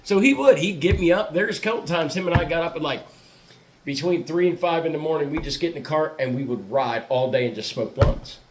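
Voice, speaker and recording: Profane, animated storytelling man. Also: a little high, a little fast, noisy background. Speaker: podcast host. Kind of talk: casual storytelling chat.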